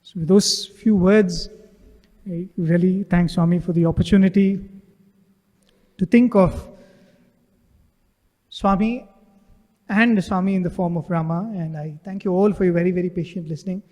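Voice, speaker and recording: Devotional speaker, male, high voice, earnest storyteller, recorded in a reverberant hall. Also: fairly even intonation, moderate pace, pauses often, darkish tone. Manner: earnest storytelling, frequent rhetorical "right?". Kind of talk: devotional talk. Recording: echoey hall with long reverb.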